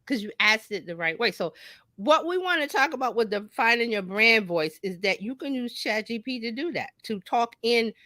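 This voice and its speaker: A woman marketing coach talking casually on a talk show, lively and folksy, acting out little quoted voices as she explains. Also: on the high side, moderate pace, no room sound.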